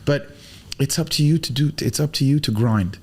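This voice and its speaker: A man telling stories as a podcast guest in casual chat, animated, acting out quotes and using Arabic religious phrases. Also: a little high, normal speed, slightly rough. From Arab world.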